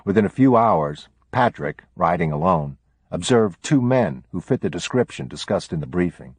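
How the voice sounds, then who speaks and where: A man hosting a podcast, reading a book aloud in a steady, measured way. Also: deep voice, breathy edge, no room sound. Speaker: podcast host.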